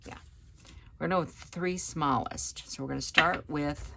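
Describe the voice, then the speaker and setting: A woman giving a chatty, relaxed hands-on card-making tutorial, talking as she works at her craft table. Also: low voice, normal speed, vocal fry, slight background noise. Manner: chatty, relaxed, talks while working. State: hiccups.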